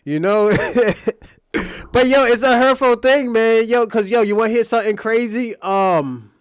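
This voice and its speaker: A man's voice: very high-pitched, normal speed, smooth, no room sound, studio quality. A man hosting a live stream, telling crude stories in casual talk and laughing often.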